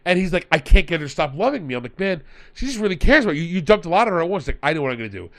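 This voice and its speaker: Animated man telling a tabletop story. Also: fairly high pitch, rapid-fire. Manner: animated, retells players in quoted voices. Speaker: podcast host and game master. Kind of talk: storytelling in casual chat.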